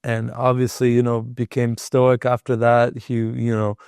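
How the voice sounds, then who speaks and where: A man hosting a podcast tells a personal story in a loose, chatty way, with a lot of filler words. His mid-pitched voice has a gravelly, fry-laden edge. The sound is close and dry. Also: monotone, unhurried, a little mellow, dry recording. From Canada. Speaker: podcast host. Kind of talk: casual conversational storytelling.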